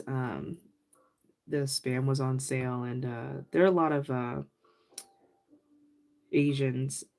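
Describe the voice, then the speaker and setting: A woman's voice: very deep voice, dark tone. A woman hosting a crafting livestream, chatting and laughing as she works and answers viewers by name. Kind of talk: casual crafting livestream chat.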